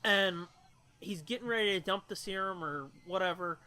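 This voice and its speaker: A man's voice: high voice, moderate pace, sharp tone, clear, resonant tone. A man co-hosting a podcast, recapping a movie plot in crude, profanity-heavy casual chat. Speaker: podcast co-host.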